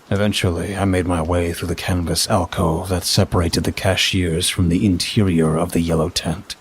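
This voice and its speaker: A man reading a first-person story aloud, measured and steady. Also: low-pitched, husky. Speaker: narrator. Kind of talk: scripted story narration.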